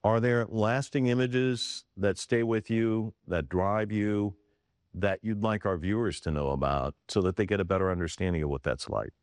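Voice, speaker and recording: A man hosting a TV interview, asking reflective questions in a measured way with hesitant fillers. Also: on the low side, fairly even intonation, no room sound. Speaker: interviewer, TV show host.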